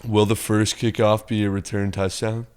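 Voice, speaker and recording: Laid-back guy with a lowish smooth voice, laughs a lot, sports betting chat. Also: little pitch movement, normal speed, darkish tone. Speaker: podcast co-host.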